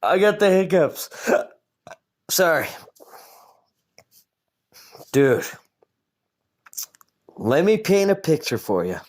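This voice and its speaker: A man's voice: sits high, big pitch swings, normal speed, hardly any pauses, a little mellow. A man hosting a podcast alone, ranting casually in a profane, self-mocking way. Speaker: podcast host. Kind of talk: casual rambling monologue.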